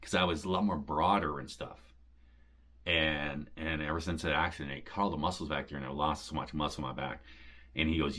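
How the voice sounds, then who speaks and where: A man with a very low, deep voice talks casually to his viewers about recovering from back surgery. He rambles along, padding sentences with "and stuff" and retelling what people said to him. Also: steady tone, fairly quick, bright, forceful tone. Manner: rambling, repeats "and stuff" and "he says", retells conversations. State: recovering from back surgery, occasional pain when coughing. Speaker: homestead vlogger.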